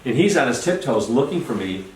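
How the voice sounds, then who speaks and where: Animated man telling a story, roomy sound. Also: medium pitch, a little fast. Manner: excited, many restarts and repeats. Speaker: storytelling guest. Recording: roomy, distant, faint noise.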